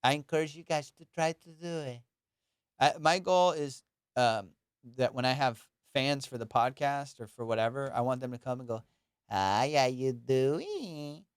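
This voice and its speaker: A young man chats loosely and jokily on his own comedy podcast, high and rambling from one thought to the next. His voice is smooth and resonant at a middle pitch, and the sound is close and dry with no room around it. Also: fairly even intonation, moderate pace, dry recording. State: high on cannabis. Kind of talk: casual solo podcast chat.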